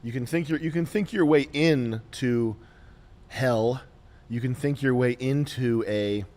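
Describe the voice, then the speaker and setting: A man's voice: mid-range voice, darkish tone. A man hosting a podcast in crude, blunt, rambling casual chat. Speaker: podcast host.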